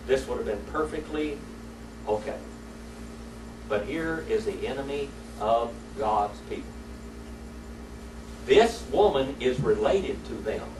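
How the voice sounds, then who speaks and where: A man's voice: mid-range voice, background noise. Folksy male Bible teacher, echoey room. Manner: folksy storytelling, asks the class questions. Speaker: Sunday School teacher. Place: church classroom. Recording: echoey room, mic far off.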